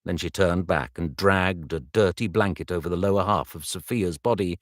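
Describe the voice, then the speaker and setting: A man narrating an audiobook, reading slowly and carefully and stopping now and then to retake a line. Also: low-pitched, dry recording, studio quality. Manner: slow, measured reading with retakes. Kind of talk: audiobook narration recorded live.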